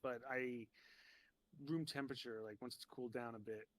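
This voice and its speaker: A man's voice: medium pitch, steady tone. A man from New Jersey chatting as a podcast guest, rambling and saying "like" a lot. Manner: rambling, peppered with "like", quick laughs. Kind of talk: casual chat.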